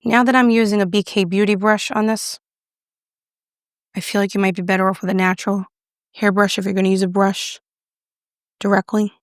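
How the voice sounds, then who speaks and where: A woman's voice: medium pitch, little pitch movement, a little fast, pauses often, no echo, clean studio sound. A young woman casually reviewing makeup, chatty and self-deprecating as she applies it on camera. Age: young adult. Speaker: beauty YouTuber.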